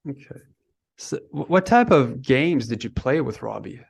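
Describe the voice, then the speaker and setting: Brief: male host, gravelly tone, curious and soft-spoken. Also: mid-range voice, lively intonation, normal speed. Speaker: interview host. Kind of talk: interview questions.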